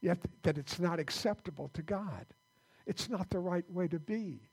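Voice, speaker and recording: A male pastor giving a conversational sermon in a church, halting and repeating words as he restarts his sentences. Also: high voice, husky.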